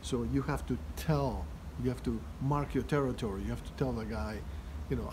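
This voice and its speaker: A man walks through everyday phrases in a relaxed, rambling teaching style. He fills his talk with fillers and restarts and laughs at his own examples. His voice sits at an ordinary middle pitch, and steady noise runs under the recording. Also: fairly quick, hardly any pauses. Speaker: language teacher. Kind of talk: casual vocabulary lesson.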